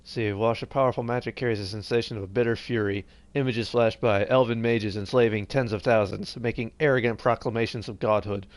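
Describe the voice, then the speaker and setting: A man's voice: lowish voice, steady tone, brisk, hardly any pauses, no room sound. A tired man streaming a game live, rambling casually and reading game text aloud as he plays. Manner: rambling, reads game text aloud, trails off mid-sentence. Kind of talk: casual live gameplay commentary.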